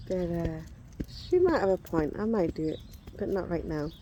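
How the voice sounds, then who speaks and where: Out in the sun, a vlogger in her forties shows off reborn dolls in casual, rambling chat, pausing now and then to shoo away insects. She speaks unhurriedly and very animatedly in a warm, fairly low voice, and the audio is dull with a little hiss or hum.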